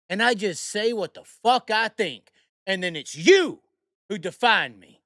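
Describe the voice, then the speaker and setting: Profane high-voiced man ranting. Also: bright, forceful tone, dry recording, studio quality. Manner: profane, rambling, heated storytelling. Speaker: host. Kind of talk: casual podcast rant.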